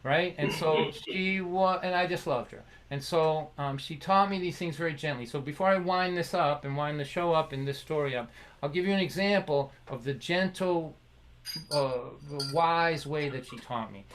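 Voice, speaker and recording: A man's voice: on the high side, normal speed, a bit bright, low-quality recording. A man hosting a livestream concert, telling a heartfelt personal story with laughs and restarts, acting out remembered dialogue. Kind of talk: storytelling monologue. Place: home livestream.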